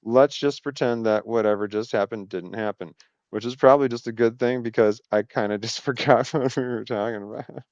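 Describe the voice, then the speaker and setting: A man with a smooth, resonant voice talks in a loose, meandering monologue, often breaking off mid-thought with wry asides. The sound is dry and close, with no room around it, and the recording is dull and lo-fi. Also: medium pitch, a little fast, dry recording. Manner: meandering, self-interrupting, wry. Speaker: video host. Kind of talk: casual rambling monologue.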